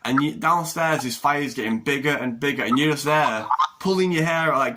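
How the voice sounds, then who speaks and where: Bright-voiced male podcast host. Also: mid-range voice, brisk, few pauses, rough recording. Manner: animated, tells long analogies. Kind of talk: casual conversation.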